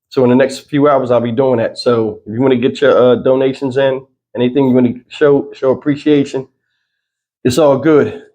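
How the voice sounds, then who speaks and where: A man's voice: medium pitch, darkish tone. A man hosting his own channel, talking loosely through a news story with lots of fillers, still in his morning voice. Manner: loose, rambling delivery with frequent fillers. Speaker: channel host. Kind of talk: casual news commentary vlog.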